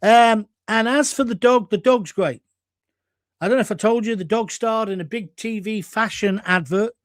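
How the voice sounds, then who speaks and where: Blunt, outspoken English man, higher voice. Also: moderate pace, no room sound, clean studio sound. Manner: blunt, combative, chatty, swears freely. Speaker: host of a live stream reading viewer comments. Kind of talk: casual live-stream chat.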